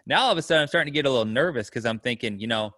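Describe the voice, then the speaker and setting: A man's voice: medium pitch, animated, rapid-fire, a bit bright, no echo, studio quality. Rambling man telling a story. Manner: loose rambling storytelling with lots of fillers. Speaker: storyteller guest. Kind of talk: casual chat.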